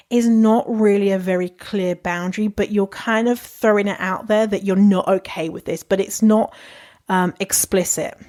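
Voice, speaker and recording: A woman's voice: mid-range voice, moderate pace, a little mellow. Young woman, solo podcast host, frank and chatty with plenty of swearing and laughter. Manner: candid and chatty, swears freely, laughs often. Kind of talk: casual advice monologue.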